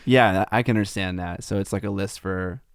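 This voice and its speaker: Low-voiced man chatting on a podcast. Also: moderate pace, gravelly, clear, resonant tone, no room sound, clean studio sound. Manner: relaxed, chatty, filler-heavy with likes and ums. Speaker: podcast co-host. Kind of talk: casual podcast chat.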